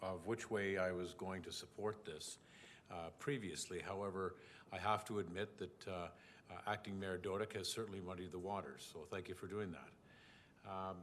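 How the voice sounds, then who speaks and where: A man speaking as a city councillor in a formal council debate. He talks in a measured, methodical way with hesitant restarts, at a council chamber desk microphone. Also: low voice, fairly even intonation, fairly bright tone, slight background noise.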